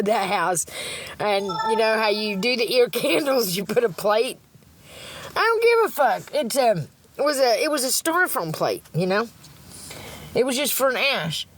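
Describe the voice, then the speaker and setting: Middle-aged woman, fairly high voice, swings up and down a lot; blunt, swears freely, rambling livestream chatter with frequent laughs. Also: a bit bright. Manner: blunt, profane and rambling, laughs often, talks about God.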